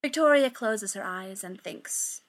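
A woman's voice: mid-range voice, animated, a little slow. A woman reading a story aloud in a chatty way, swearing and breaking off for joking asides. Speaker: story reader. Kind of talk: reading fan fiction aloud.

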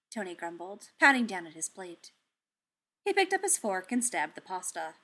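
A woman narrating a piece of fan fiction aloud, with expressive storytelling. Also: fairly low pitch, normal speed.

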